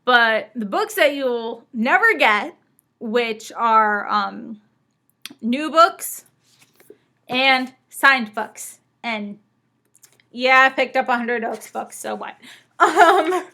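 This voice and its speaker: A woman's voice: a little high, animated, drawn-out words, pauses often, sharp tone. A young woman chatting casually in a book vlog, bubbly and gushing. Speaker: book vlogger. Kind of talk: casual chat.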